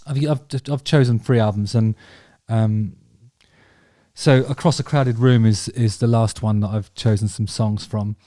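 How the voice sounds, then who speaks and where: A man's voice: lowish voice, steady tone, a little slow, dark tone, no room sound, studio quality. A man chatting casually about favourite songs, rambling and enthusiastic, with many ums and restarts. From England. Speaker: vlog host talking about music.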